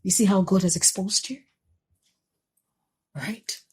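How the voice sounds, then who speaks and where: A woman's voice: mid-range voice, slow pace, slightly rough. An actress with a Nigerian accent playing a young wife who is exasperated with her neglectful husband and repeats herself when angry. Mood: bitter. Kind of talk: Nigerian film drama acting.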